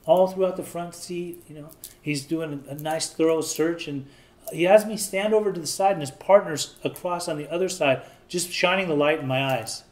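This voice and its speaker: A man's voice: a little high, normal speed. A man in his thirties from Southern California, telling his own story in an interview in a candid, plain-spoken way and acting out the voices of people he quotes.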